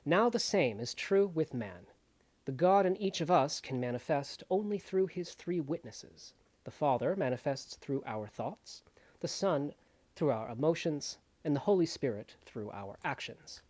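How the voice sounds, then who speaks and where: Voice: mid-range voice, expressive, a little slow, darkish tone. Tired, worn-voiced audiobook reader. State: losing voice, low energy. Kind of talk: nonfiction audiobook reading.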